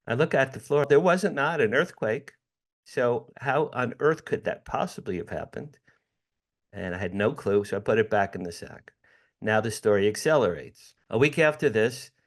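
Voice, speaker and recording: A middle-aged man, a guest in an interview, telling a personal story with animated, dramatic delivery. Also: mid-range voice.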